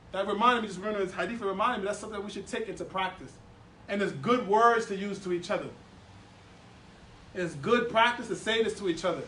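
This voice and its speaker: High-voiced man teaching in an echoey hall. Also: slight background noise. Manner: animated, playful, repeats words for emphasis, laughs often. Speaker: Islamic teacher giving a class. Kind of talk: lively classroom lesson with audience questions. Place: classroom or hall with a live audience. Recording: echoey room, voice from a distance.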